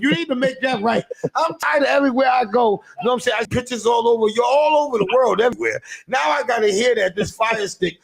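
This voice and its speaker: A man with a high-pitched, gravelly voice tells a comic story as a rant. He is animated and profane, and he keeps checking in with "you know what I'm saying". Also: fast, hardly any pauses.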